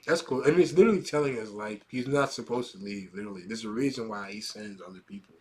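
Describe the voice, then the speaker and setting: A man hosting a manga reaction video, excitable and swearing often, who reads panels aloud in a hushed voice between bursts of laughing commentary. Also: fairly low pitch, fast talker.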